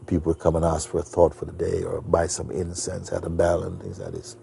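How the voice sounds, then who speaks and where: A man who is a spiritual teacher, recounting a personal story in an unhurried, anecdotal way, full of "you know.". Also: low-pitched, flat delivery, gravelly, warm tone, slight background noise.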